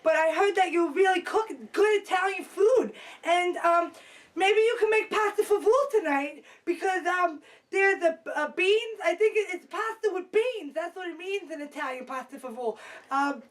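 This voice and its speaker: A giddy, excitable young woman who gushes and rambles breathlessly, as a woman plays her in a comedy sketch. Her voice sits very high and squeaky. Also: moderate pace. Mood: rambling.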